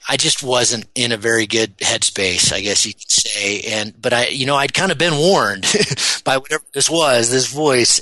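Bright-voiced man telling a story. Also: medium pitch, dry recording. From United States. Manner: animated, rambling storyteller. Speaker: guest. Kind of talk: podcast interview storytelling.

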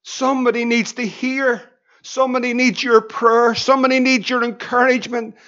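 A man's voice: very high voice, level tone, moderate pace, a bit bright. A middle-aged man, preaching a sermon, piling up rhetorical questions and telling anecdotes with a chuckle. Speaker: pastor. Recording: dull lo-fi recording.

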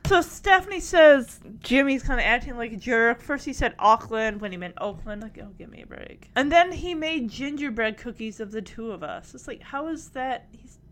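High-voiced woman recapping a show. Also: normal speed. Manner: animated, laughs often.

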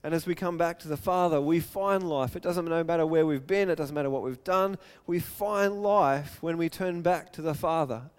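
High-voiced man preaching a sermon. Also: moderate pace, few pauses, clear, resonant tone. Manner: earnest, storytelling with acted quotes. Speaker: pastor.

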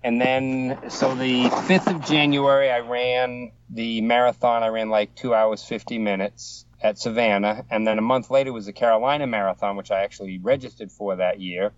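A man's voice: mid-range voice, fairly even intonation, normal speed, few pauses, a little hiss or hum. Rambling older man with a Boston accent. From Boston area. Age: 60s. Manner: rambling, self-deprecating, acts out voices. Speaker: guest. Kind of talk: casual anecdotal storytelling. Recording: dull, slightly distant, dry mic.

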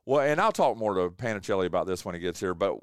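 Excitable man hosting sports radio. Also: sits low, quick pace, clear, resonant tone, no room sound, studio quality. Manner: excitable, rambling, folksy. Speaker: radio show host. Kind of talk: casual sports radio talk. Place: home studio.

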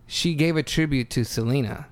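A man's voice: a little high, moderate pace. A man hosting a podcast in casual chat, loose and profane, calling everyone bro and dude. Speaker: podcast host.

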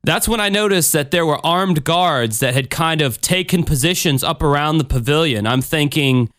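A man's voice: fairly high pitch, animated, normal speed, hardly any pauses, fairly bright tone. A man co-hosting a podcast who tells a story in a casual, profane, emphatic way. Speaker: podcast co-host.

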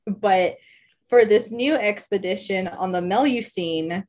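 Unhurried woman chatting about a book. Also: medium pitch, darkish tone. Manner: conversational, uses "like" and laughs easily. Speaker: podcast co-host. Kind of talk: casual book discussion.

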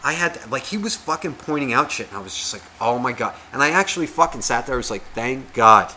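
A man co-hosting a podcast tells a casual, profanity-filled story in a slightly high, rapid-fire voice, with a little hiss or hum in the recording. He is animated and acts out the voices of the people he quotes.

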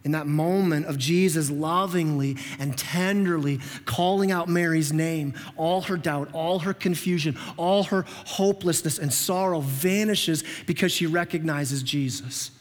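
A male pastor giving a sermon in an animated, conversational way, often repeating words as he restarts. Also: a little high, measured pace, hardly any pauses. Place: church sanctuary. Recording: reverberant church sanctuary.

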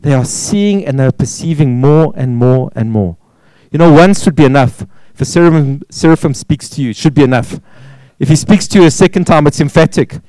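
A man preaches a sermon in a mellow, fairly high voice. He presses each point with repeated words and rhetorical questions. The sound is dry and close, with little room in it. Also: fairly quick, hardly any pauses, no room sound, low-quality recording. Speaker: pastor.

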